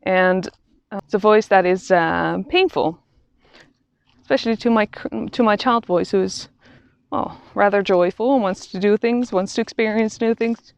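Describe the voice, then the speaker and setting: A woman talking through a reflective vlog while out on a quiet walk in nature, halting and thoughtful, often restarting her sentences. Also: medium pitch, vocal fry, clear, resonant tone, dry recording. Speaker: vlogger. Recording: dull, slightly lo-fi sound.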